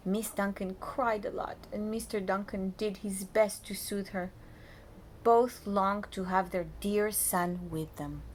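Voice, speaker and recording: A woman reading a picture book aloud to young children as their preschool teacher, lively and often dropping to a soft whisper to talk to them. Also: medium pitch, takes it slowly, slight background noise.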